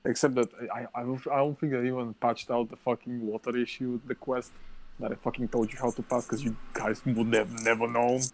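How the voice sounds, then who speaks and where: A man's voice: medium pitch, a little fast. A young man co-hosting a podcast in casual chat, ranting and swearing often. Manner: swears constantly, ranting and animated. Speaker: podcast co-host.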